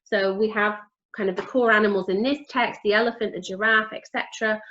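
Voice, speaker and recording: A woman training teachers, modelling words and questions for young children in a clear, expressive teacher voice. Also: a little high, moderate pace, highs cut off. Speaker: literacy trainer.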